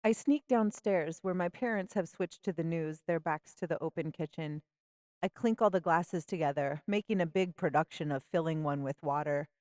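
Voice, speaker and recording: Woman reading her memoir, low and dry. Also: a little mellow, dry recording. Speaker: audiobook narrator and author. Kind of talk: first-person memoir narration.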